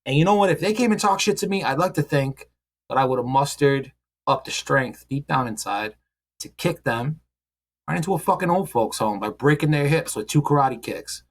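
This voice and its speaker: Man, podcast host, casual chat, mid pitch, profane, joking, rambling.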